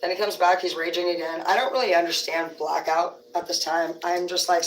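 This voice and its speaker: A woman's voice: fairly low pitch, steady tone, brisk, creaky, few pauses, a little hiss or hum. Rambling, foul-mouthed woman livestreaming. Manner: rambling, profane storytelling. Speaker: livestream host. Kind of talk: casual livestream chat. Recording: roomy sound from a distant mic.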